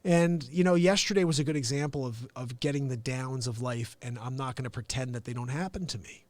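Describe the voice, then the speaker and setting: A middle-aged man hosting his own daily live show, talking straight to viewers in a chatty, animated way. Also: mid-range voice, brisk, no echo. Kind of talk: casual live-stream monologue.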